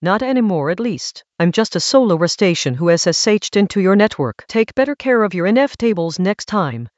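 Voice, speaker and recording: A man's voice: high voice, very animated, a little fast, dry recording, dull audio. A man voicing a suave, pushy mustached man in a lab coat, who talks theatrically and overfamiliarly. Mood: smug.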